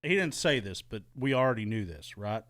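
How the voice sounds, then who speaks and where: A man's voice: on the low side, big pitch swings, brisk, a bit bright, dry recording, clean studio sound. A man co-hosting a podcast, telling a heated personal story in casual, profane chat and re-enacting arguments. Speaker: podcast co-host.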